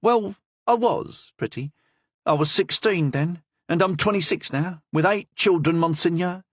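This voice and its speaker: Cheeky Languedoc young woman, voiced by a male narrator, fast retorts, no fear. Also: no room sound. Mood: bold. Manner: high, bold, talks back. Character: feisty young woman, sharp-tongued, fearless.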